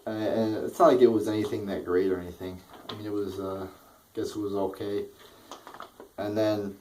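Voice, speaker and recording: A man's voice: fairly low pitch, darkish tone, recorded from a distance, slight background noise, low-quality recording. A young man ranting through a wrestling show review, exasperated, swearing constantly and repeating himself.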